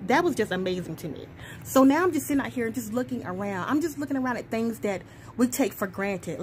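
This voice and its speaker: Woman vlogger, mid-pitched, reflective and earnest, outdoors with faint background ambience. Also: a little hiss or hum. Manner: thoughtful, earnest, musing. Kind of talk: reflective casual vlog. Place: sitting outdoors.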